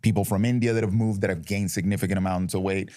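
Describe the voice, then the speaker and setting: A low-voiced man speaks as a talk-show co-host, blunt and opinionated, wandering through his points with restarts. His voice sits close and dry, with no room around it. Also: steady tone, fast talker, warm tone, no echo. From United States. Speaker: podcast co-host. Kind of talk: casual chat.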